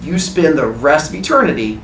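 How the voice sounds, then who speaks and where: A man tells a comic story with playful energy. His pitch swings widely, and his voice rings in a roomy, echoey space. A faint background hum sits underneath. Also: normal speed, creaky. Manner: animated and playful. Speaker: podcast host and storyteller. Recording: roomy echo.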